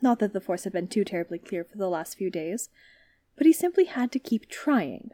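A woman reading a story aloud as narrator, in a calm, steady manner. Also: medium pitch, moderate pace.

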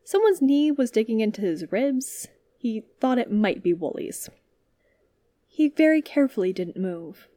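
Calm woman reading a story aloud. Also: a little high, unhurried, no room sound. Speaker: podfic reader. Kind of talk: reading fan fiction aloud.

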